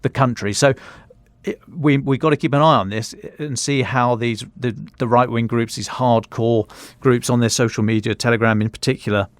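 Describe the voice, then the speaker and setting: A man's voice: mid-range voice, steady tone, normal speed, dry recording. A man correspondent giving a conversational news analysis, thinking aloud as he talks.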